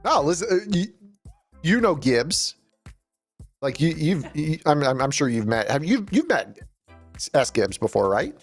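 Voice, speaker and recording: A man's voice: on the high side, sing-song, measured pace, pauses often, faint music behind. A man co-hosting a live stream, joking and teasing his partner in casual banter. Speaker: stream co-host.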